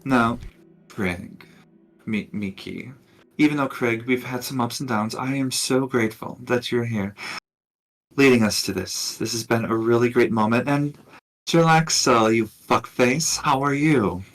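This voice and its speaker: A man's voice: medium pitch, a little slow, close to an everyday voice. A man voicing a mocking male rival leader in a tabletop game, dismissive and falsely gracious. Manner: dismissive, repeats "no, no, no".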